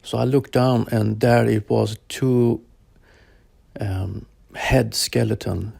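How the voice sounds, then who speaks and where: Slow, gravelly man recounting a vision. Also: fairly low pitch, fairly even intonation, darkish tone, no echo, studio quality. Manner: slow, halting, searching for words. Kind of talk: personal account told to interviewer.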